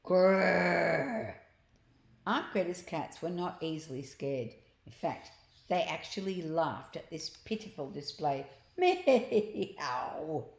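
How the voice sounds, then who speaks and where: Her slightly low voice echoes noticeably around the room as she reads a children's storybook at an unhurried, careful pace. Now and then she stops to explain the words and pictures to young listeners.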